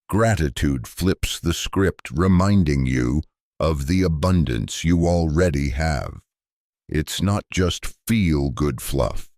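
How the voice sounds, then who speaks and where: Very deep, slow motivational speaker man. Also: lively intonation, a little mellow, no room sound, studio quality. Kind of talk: scripted motivational speech.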